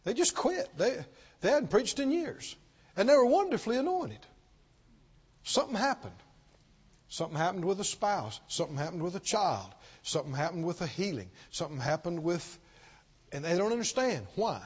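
A man preaching a sermon as pastor, swinging from loud declarations to soft pleading, with repetitive call-and-response. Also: high voice, sing-song, moderate pace, slightly rough, dull audio.

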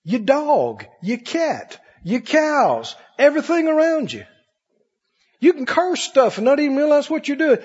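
Preacher with a lively, soaring voice. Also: male voice, unhurried. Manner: preacherly call-and-response, swinging from loud high cries to low murmurs. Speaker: pastor. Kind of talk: sermon. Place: large church hall. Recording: muffled recording with long hall reverb.

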